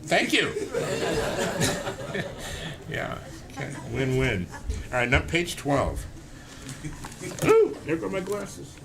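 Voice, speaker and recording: A man's voice: fairly high pitch, wildly swooping pitch, drawn-out words, creaky, pauses often, noisy background. A man reading aloud from his own book to a live audience, breaking off for self-deprecating jokes. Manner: self-deprecating, joking asides. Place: indoor room with an audience.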